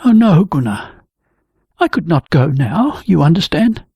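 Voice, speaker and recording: A weary, shy young woman speaks softly and hesitantly, her voice lifted high, as a male reader puts her on. The delivery is gravelly and a little husky, recorded close and dry. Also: big pitch swings, a little slow, no echo, heavily acted. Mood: gently evasive.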